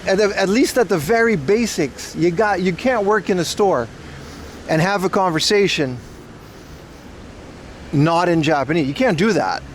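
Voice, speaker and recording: A man's voice: sits high, normal speed, pauses often, slight background noise. A Dutch man hosting a casual livestream while walking outside, rambling loosely, laughing often and talking to his chat. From Netherlands. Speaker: livestream host.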